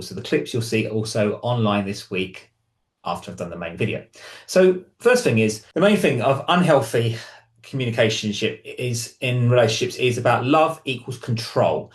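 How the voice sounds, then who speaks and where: A man's voice: medium pitch, echoey room. Man explaining in a thoughtful teaching tone. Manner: explanatory, reads example lines aloud in different tones. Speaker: hypnotherapist and relationship counsellor. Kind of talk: explaining to camera.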